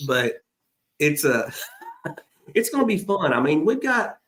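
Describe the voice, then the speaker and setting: A man's voice: a little high, sing-song, slow, fairly bright tone, slight background noise. A man with a Southern US accent hosting a podcast in casual, joking chat, rambling and laughing often. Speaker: podcast host.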